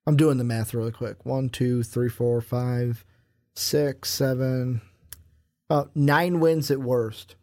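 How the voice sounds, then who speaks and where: A man co-hosting a casual sports podcast, talking in an animated, joking way and calling out to the viewers. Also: medium pitch, slow. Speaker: podcast co-host.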